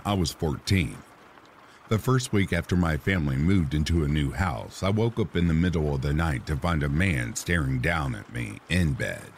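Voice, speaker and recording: A man with an extremely deep, low voice reads true ghost stories in a slow, soothing bedtime manner. A faint hiss sits under his voice. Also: creaky. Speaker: horror story narrator. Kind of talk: calm sleep-story narration. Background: rain sounds.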